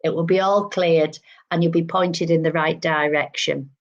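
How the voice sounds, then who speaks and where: A woman's voice: low-pitched, fairly even intonation, moderate pace, dull audio. A woman working as a medium, relaying spirit messages live and acting out what she is told. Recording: livestream.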